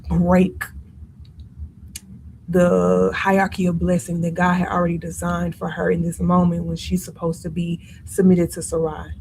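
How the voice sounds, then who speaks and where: A woman teaching an informal Bible study in a conversational, animated way with features, acting out the lines she quotes. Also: lowish voice, moderate pace, a little hiss or hum, poor audio.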